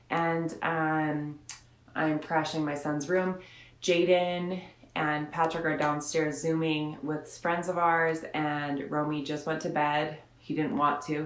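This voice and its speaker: Chatty low-voiced woman reading aloud. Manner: chatty and rambling, slows down to read. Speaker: radio host reading a children's book. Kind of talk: chatty storybook read-aloud. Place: son's bedroom at home. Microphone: phone or camera set up in front of her. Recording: roomy bedroom sound.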